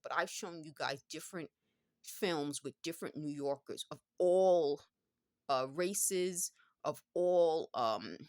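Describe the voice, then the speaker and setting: A woman in her fifties speaks with a New York accent in a notably low voice, recorded dry and close with no room sound. She talks in a loose, rambling vlog monologue, circling back and correcting herself as she goes. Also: no echo. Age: 50s.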